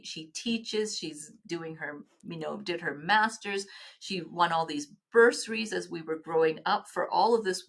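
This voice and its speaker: A middle-aged woman, telling personal stories as a podcast guest in an earnest, halting way with many restarts. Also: lowish voice, gravelly, a bit bright. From Canada. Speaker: guest, nonprofit executive. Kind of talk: podcast interview storytelling.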